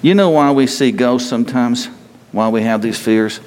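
A man preaching a sermon to a congregation, telling stories in an animated way and moving between loud bursts and quieter stretches. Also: medium pitch, moderate pace, a little hiss or hum. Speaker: pastor. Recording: long hall reverb.

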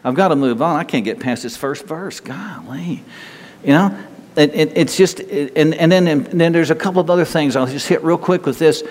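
A man's voice: on the high side, normal speed, a little mellow, in a large hall. A man pastor preaching a sermon in an earnest, conversational way, often repeating and restarting his words.

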